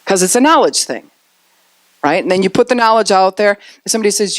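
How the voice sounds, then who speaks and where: A woman's voice: medium pitch, very animated, fairly quick, dry recording, studio quality. A woman pastor giving a conversational sermon, often acting out the voices of the people and children she quotes.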